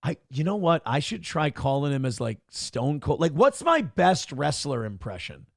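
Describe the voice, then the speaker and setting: Gravelly, animated male host with a dry, close sound, crude and joking, reading comments on a live stream. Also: on the high side, moderate pace, no echo.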